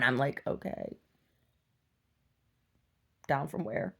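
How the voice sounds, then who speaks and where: Animated woman with a low gravelly voice. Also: takes it slowly, long pauses. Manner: animated, laughing, swings from loud to hushed. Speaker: vlogger. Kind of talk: casual storytelling rant.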